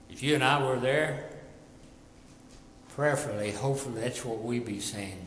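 Male preacher, sermon, slow and emphatic, bright ringing voice, long church reverb. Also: medium pitch, steady tone, slight background noise. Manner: emphatic, repeats phrases, drops quiet at line ends.

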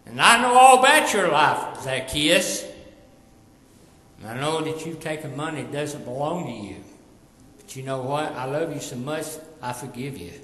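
A man voicing Jesus as a forgiving, gentle man within a sermon. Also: medium pitch, normal speed, long pauses, echoey room, in a large hall, lightly acted, rough recording. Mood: tender.

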